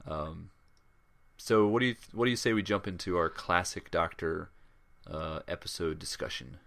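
Deep-voiced man hosting a casual podcast. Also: moderate pace, creaky, fairly bright tone. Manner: rambling, many fillers and restarts. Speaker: podcast co-host. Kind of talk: casual chat.

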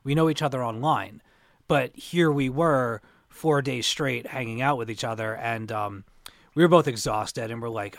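A man's voice: medium pitch, moderate pace, no echo, clean studio sound. Rambling man telling con stories. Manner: rambling storyteller, many restarts. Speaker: podcast co-host. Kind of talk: casual podcast chat.

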